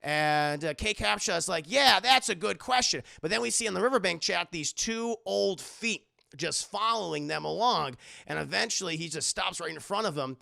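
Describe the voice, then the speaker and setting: A man with a high, gravelly, bright voice speaks forcefully at a moderate pace. On a livestream, he casually recaps a movie, rambling and swearing, frequently talking to his chat and acting out characters' lines as he retells scenes.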